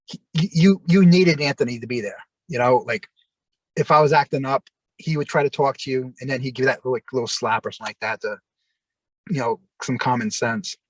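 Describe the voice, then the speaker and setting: Halting New man telling stories. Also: mid-range voice, no room sound. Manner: rambling, halting, many restarts. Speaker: interview guest. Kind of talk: casual storytelling.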